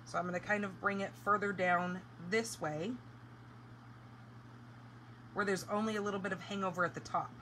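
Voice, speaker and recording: A woman's voice: medium pitch, steady tone, normal speed, pauses often, sharp tone, a little hiss or hum, rough recording. A woman hosting a live craft tutorial, chatting casually and explaining each step as she works. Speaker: craft demonstrator.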